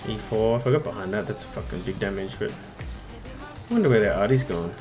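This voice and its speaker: This Australian man chats casually on a tank game live stream, swearing and bantering animatedly. His voice is on the low side, at a moderate pace, with music in the background.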